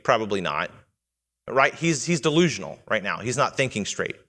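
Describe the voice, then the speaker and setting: Here a pastor-like man with a medium-pitched, very animated voice preaches a little fast, his tone a bit bright. He teaches earnestly in a church sanctuary, asking questions of the congregation and reading quotations in character, with long church-hall reverb.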